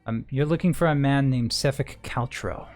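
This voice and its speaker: Guy doing a scarred old lady bounty hunter, flat and blunt, bit of music behind. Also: medium pitch, moderate pace, lightly acted. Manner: matter-of-fact, hesitant fillers.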